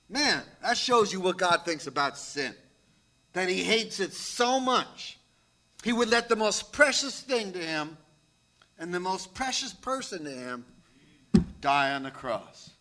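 A man's voice: high-pitched, sharp tone. A man preaching a sermon, emphatic, with dramatic drops to near whispers. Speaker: pastor.

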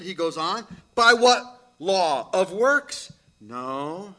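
A man's voice: high-pitched, bright, forceful tone. A man preaching a sermon, emphatic, with dramatic drops to near whispers. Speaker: pastor.

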